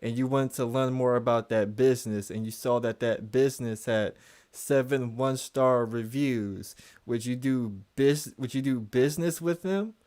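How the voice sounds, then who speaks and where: A man hosting a live call-in debate, reading online reviews aloud in a measured, steady way. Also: mid-range voice. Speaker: host.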